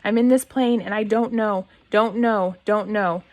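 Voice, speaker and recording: A frightened boy calling desperately for help from a small plane, read by a woman in her own mid-pitched voice. He pleads and repeats himself, stumbling over his words in a storybook reading. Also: fairly even intonation, a little slow, close to an everyday voice.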